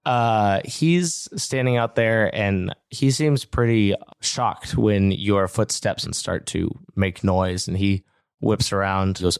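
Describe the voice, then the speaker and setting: A man narrating a tabletop game as game master, relaxed with hesitant fillers. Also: fairly low pitch, takes it slowly, creaky, clean tone, no room sound, studio quality.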